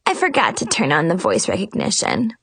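A woman voicing a bubbly young fairy godmother who is bossy and flustered, with a high, chirpy delivery. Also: huge pitch swings, fairly quick, gravelly, husky, dry recording, full character voice.

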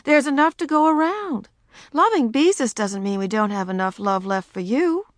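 Woman doing a calm tired mother, soft gentle delivery, lively pitch, dry close sound. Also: normal speed, dry recording, natural voice. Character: patient gentle mother, tired but loving. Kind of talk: audiobook character voice.

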